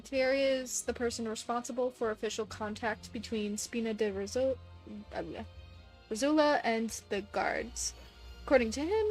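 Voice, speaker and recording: A woman's voice: on the high side, darkish tone. A woman streaming a video game, chatting casually with playful asides.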